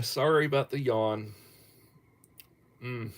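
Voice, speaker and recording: A man's voice: fairly low pitch, steady tone, a bit bright. A middle-aged man hosting a casual livestream, reading topics aloud with chuckles. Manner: slow, chuckling, reads viewer topics aloud. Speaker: livestream host.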